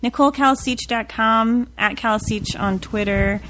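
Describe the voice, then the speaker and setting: A woman's voice: a little high, normal speed, fairly bright tone. A woman comedian guest on a podcast, chatting casually, laughing often and joking at her own expense. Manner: giggly, self-mocking. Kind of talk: casual chat.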